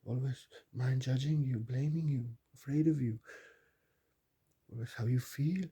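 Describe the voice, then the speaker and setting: Man, spiritual talk, mellow tone, breathy, repetitive emphatic delivery. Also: medium pitch, unhurried. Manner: repetitive, emphatic, rising to loud bursts. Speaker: spiritual teacher.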